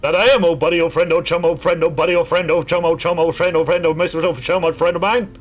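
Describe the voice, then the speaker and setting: A man's voice: on the high side, flat delivery, fast talker, soft background music, natural voice. A man doing a chummy, looping skeleton. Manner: loops "oh buddy, oh pal" endlessly. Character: undead male skeleton, chummy and endlessly repetitive.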